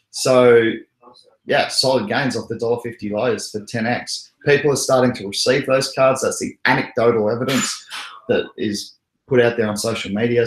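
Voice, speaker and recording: An Australian man chats casually on a livestream, rambling from point to point and chuckling at his own jokes. His voice sits in a middle pitch. The recording has a roomy, echoey sound. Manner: rambling, joking, chuckles often. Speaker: crypto livestream host.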